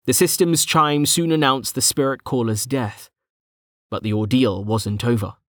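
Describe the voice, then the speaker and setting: A man narrating a fantasy novel in a steady, measured storytelling voice. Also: medium pitch, dry recording, studio quality. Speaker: audiobook narrator.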